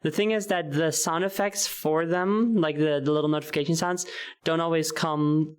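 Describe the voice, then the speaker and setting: A woman's voice: deep voice, steady tone, moderate pace, darkish tone, clear, resonant tone. A woman streaming in VR, chatting casually through a headset mic and laughing often. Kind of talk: casual chat while streaming in VR.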